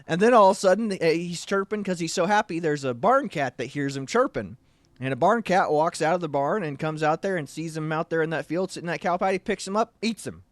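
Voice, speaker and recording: Man, movie review chat, rambling, restarts, fillers, fairly high voice, dry close sound. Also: brisk, no echo. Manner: rambling, many restarts and "you know". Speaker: podcast co-host.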